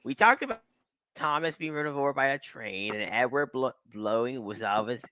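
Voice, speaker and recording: A man co-hosting a casual fan podcast, steering the chat back to the topic in an animated way. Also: mid-range voice, normal speed. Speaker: podcast co-host.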